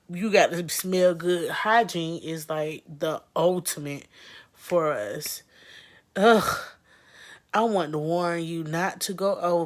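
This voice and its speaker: A woman appearing as a guest friend, giving emphatic, disgusted, profane commentary in casual talk. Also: lowish voice.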